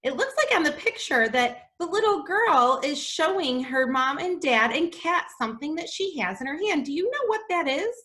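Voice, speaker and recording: A woman teacher giving a reading lesson to young children, sounding out letters slowly and gasping in delight. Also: sits high, big pitch swings, bright, forceful tone. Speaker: kindergarten teacher.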